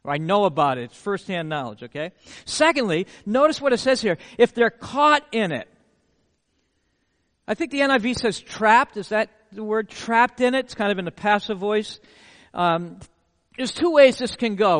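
A male pastor preaching a sermon, telling stories with lively rhetorical questions to his listeners. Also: sits high, big-room sound. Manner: animated storytelling with rhetorical questions.

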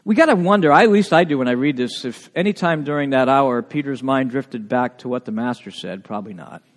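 A man with a New England accent, a pastor preaching a sermon in a lively, conversational way, full of rhetorical questions. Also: mid-range voice, a little fast. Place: church sanctuary. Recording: long church reverb.

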